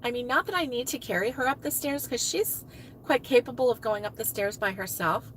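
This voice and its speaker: A woman's voice: a little high, a little fast, a little hiss or hum, low-quality recording. A middle-aged woman hosting a crochet live stream, chatting casually, laughing often and answering viewers' comments. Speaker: crochet livestream host.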